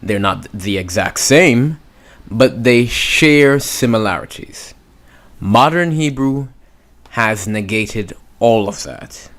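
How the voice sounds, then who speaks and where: A male teacher with a somewhat low voice takes a beginners' class through pronunciation. He talks very slowly and leaves long gaps. He repeats each sound patiently so learners can follow. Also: expressive, a bit bright. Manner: patient, drawn-out pronunciation demos. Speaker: language teacher. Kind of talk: slow spoken lesson.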